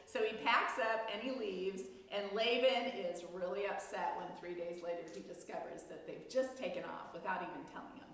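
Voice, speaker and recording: A woman teaching a Bible study group, talking in a loose, chatty way with laughing asides and questions thrown out to the class. Her mid-pitched voice rings through a big echoey hall with a long reverb tail. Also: fairly bright tone, distant mic.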